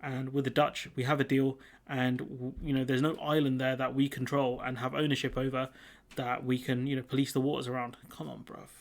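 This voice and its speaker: A man's voice: medium pitch, flat delivery, a little fast. A young man hosting a casual commentary video, talking in a sarcastic, mocking, conversational way. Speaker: commentary channel host.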